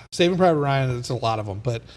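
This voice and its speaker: A man in casual conversation about films, animated and acting out movie lines as he talks. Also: mid-range voice, brisk, a little hiss or hum. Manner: animated, acts out movie quotes.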